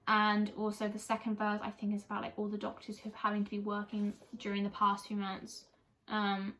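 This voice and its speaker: A woman's voice: mid-range voice, fairly bright tone, low-quality recording. A young woman vlogging casually about an album, gushing and chatty, with lots of "like" in her speech. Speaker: music vlogger. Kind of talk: casual chat reviewing an album.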